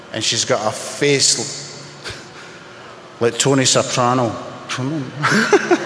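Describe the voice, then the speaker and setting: A man sharing his personal story in a candid, emotional, halting way, speaking as a testimony to a gathered audience. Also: mid-range voice, a bit bright, a little hiss or hum. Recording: echoey hall with long reverb.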